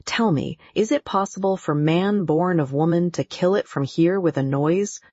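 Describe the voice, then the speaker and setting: A woman reads a middle-aged hunter, pompous and imperial, bluffing strangers into awe in a low, husky storybook voice. He speaks slowly and with weight. The audio is dry and a little dull. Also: warm tone, no echo, close to an everyday voice. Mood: cool.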